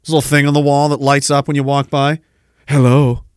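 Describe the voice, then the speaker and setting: A man's voice: medium pitch, monotone, clear, resonant tone, no echo. A man in his thirties hosting a podcast, ranting in a sarcastic, profane way. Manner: sarcastic, profane, fast-shifting rant. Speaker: podcast host.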